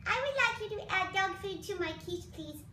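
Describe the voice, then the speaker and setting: A woman's voice: extremely high pitch, animated, moderate pace, pitched above the performer's own voice. A woman voicing a polite pet dog. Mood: pleading. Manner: polite, asking nicely. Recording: roomy, distant, noisy kitchen recording.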